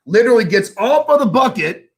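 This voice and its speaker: A man, a guest sales trainer, telling a story in a casual interview, animated and swearing casually as he acts out dialogue. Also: very high-pitched, brisk.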